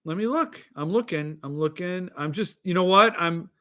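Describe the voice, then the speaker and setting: Middle-aged male host, solo podcast chat, bright forceful tone, exasperated and ranting. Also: high-pitched, moderate pace. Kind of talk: casual solo podcast reading chat comments.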